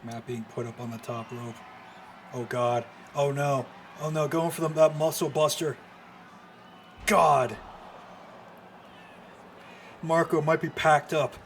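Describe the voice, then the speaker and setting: A man doing live play-by-play commentary on a wrestling match, excitable and full of exclamations. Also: fairly high pitch, takes it slowly, long pauses, a little hiss or hum. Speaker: streamer commentator.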